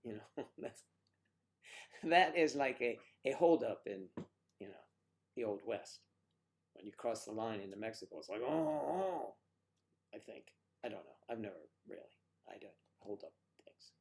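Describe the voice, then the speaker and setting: A man's voice: lowish voice, normal speed. An older man co-hosting a casual livestream chat, playful and teasing, joking about mangling Spanish. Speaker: livestream co-host.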